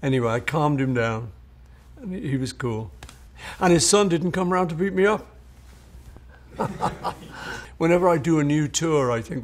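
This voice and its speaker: His voice runs on the high side and is animated, moving at a moderate pace with frequent pauses. The older man is a songwriter looking back on his songs, sharing anecdotes in an interview and acting out the people he quotes.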